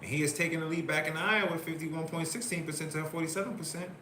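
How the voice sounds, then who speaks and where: Man, host, live election-night commentary, excited, repetitive, slightly high voice, faint background hiss. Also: fast, echoey room. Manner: excited, repetitive, reading out vote counts.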